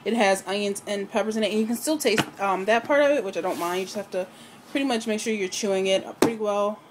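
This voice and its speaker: A woman talking through a casual home video diary, slightly out of breath, hesitant with many pauses and fillers. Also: mid-range voice, background noise. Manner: hesitant, many ums and restarts. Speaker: vlogger.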